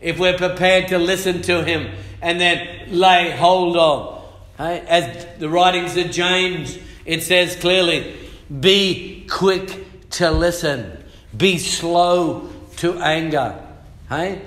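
A middle-aged pastor preaches with fire, his voice sitting a little high and slow in its pace. The tone is bright and forceful. The sound rings around an echoey church hall. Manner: fiery, shouting and humming out rhythms. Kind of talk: sermon.

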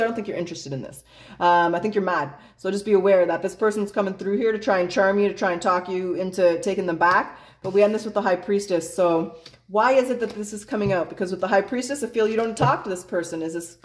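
Chatty, blunt woman reading tarot cards. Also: on the low side. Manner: chatty, blunt, swears freely, laughs often. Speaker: tarot reader.

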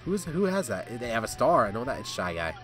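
A man streaming live gameplay, reacting excitedly, yelling and laughing at the game. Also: medium pitch, quick pace, soft background music. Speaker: gaming streamer.

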